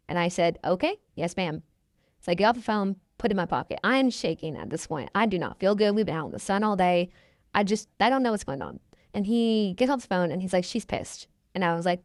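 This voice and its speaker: Animated and brisk, a medium-pitched woman's voice comes through in studio quality with no echo. This podcast guest in her twenties chats casually about her story and performs the voices of those she quotes.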